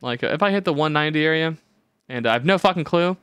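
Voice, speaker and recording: A young man co-hosting a podcast, telling stories in casual chat, animated and swearing freely, acting out the people he quotes. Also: a little high, quick pace, smooth, dry recording. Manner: swears a lot, animated storytelling with quoted voices. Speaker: podcast co-host.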